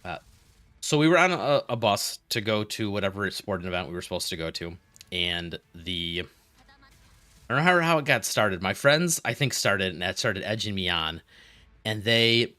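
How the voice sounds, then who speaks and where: A man streaming a game, chatting casually with viewers and telling rambling, animated stories between moves. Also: on the low side, moderate pace, no room sound. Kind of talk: casual gaming stream chat.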